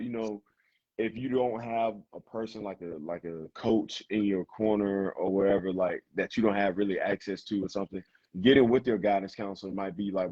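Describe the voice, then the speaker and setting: A young man from South Carolina with a fairly low voice, talking as an interview guest. He rambles in a relaxed, loose way, with lots of fillers. The sound is dull and lo-fi, with a dry, close feel and no room echo. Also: slightly rough. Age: young adult. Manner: relaxed, rambling, full of fillers like "you know" and "like". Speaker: guest, college football player. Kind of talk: casual interview talk.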